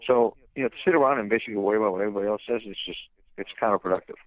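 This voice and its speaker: A man's voice: lowish voice, racing, no room sound. A blunt man rants through a tinny phone line, his voice dry and close with no room around it. He talks as a fighter's manager, piling on fillers and restarts as he vents. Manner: blunt, ranting, many fillers. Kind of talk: phone interview.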